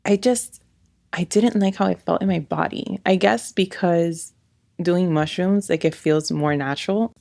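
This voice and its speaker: Low, gravelly-voiced woman chatting. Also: a little slow, darkish tone, no room sound, studio quality. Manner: chatty, fills with "like". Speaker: podcast host. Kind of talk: casual chat.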